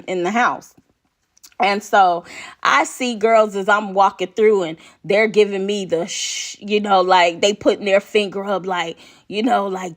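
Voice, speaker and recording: A female podcast host with a medium-pitched voice tells a personal story animatedly, laughing often and checking in with the listener along the way.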